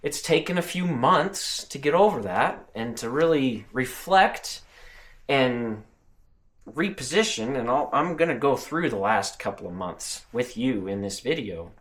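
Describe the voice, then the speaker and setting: A man speaking earnestly to camera about a personal spiritual experience. His pitch moves widely, rising and falling with feeling, and he often breaks off and restarts his sentences. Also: lively intonation, measured pace, fairly bright tone. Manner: earnest, emotional storytelling with frequent restarts. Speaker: channel host and truck driver.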